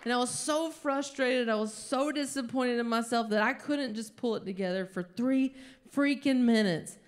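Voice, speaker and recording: A woman doing a stand-up routine on a comedy stage, telling a story slowly with sudden loud outbursts. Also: a little high. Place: comedy stage before a live audience.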